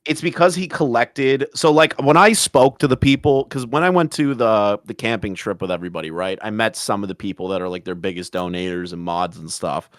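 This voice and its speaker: Low-voiced man in casual podcast banter. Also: fairly quick, few pauses, no room sound, clean studio sound. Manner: rambling storyteller, swears often. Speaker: podcast co-host.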